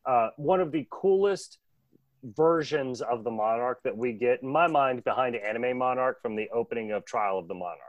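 A man casually recapping a cartoon episode with a co-host, animated and laughing often. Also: mid-range voice, no echo, muffled recording. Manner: animated, laughing, doing quick voices. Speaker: podcast co-host.

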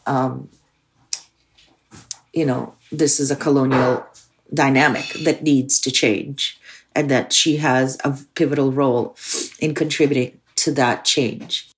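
Woman filmmaker, low voice, casual storyteller with lots of "like.". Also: fairly even intonation, takes it slowly. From Soviet Union. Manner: candid, frequent "like" fillers. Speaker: filmmaker guest. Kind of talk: personal storytelling.

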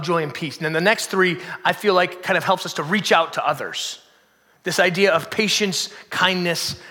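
A male pastor preaching with a high, bright voice. He moves from energetic, emphatic bursts to soft, hushed lines, with long reverb from a hall around him. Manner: dramatic swings from loud emphasis to hushed near-whisper. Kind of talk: sermon.

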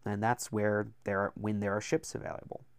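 A man voicing a reserved, patient male diplomat who speaks in a measured way, in an audiobook. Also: on the low side, level tone, smooth, dry recording, studio quality, close to an everyday voice.

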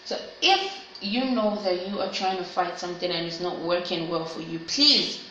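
A woman speaks in an earnest, heartfelt personal monologue. Her voice is bright and sharp. It rings out in a strongly echoing room, with faint noise underneath. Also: on the low side, normal speed. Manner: earnest, heartfelt, self-encouraging. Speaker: vlogger. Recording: very echoey room.

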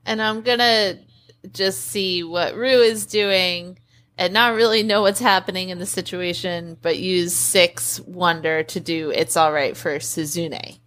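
Slow-talking bright-voiced woman. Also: on the low side, steady tone. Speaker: player. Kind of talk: tabletop game play.

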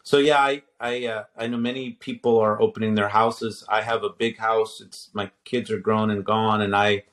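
A man's voice: lowish voice, flat delivery, normal speed, a bit bright. A man in his fifties who teaches at a seminary, telling a story in casual conversation, restarting sentences and quoting himself and others.

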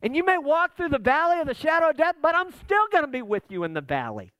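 A man voicing a calm, commanding divine figure who reassures frightened followers with insistent, repeated words. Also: very high-pitched, fast talker, dry recording, pitched above the performer's own voice, exaggerated voice.

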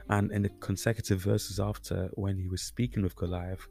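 A man's voice: lowish voice, flat delivery, normal speed, vocal fry, mellow. A man hosting a Christian podcast, teaching casually and conversationally with frequent fillers and restarts. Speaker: podcast host.

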